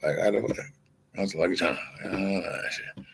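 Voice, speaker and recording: A man's voice: sits low, steady tone, normal speed, gravelly, slight background noise. A middle-aged man telling a loose, profane, meandering story in a casual chat, acting out the people he quotes. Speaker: vlogger.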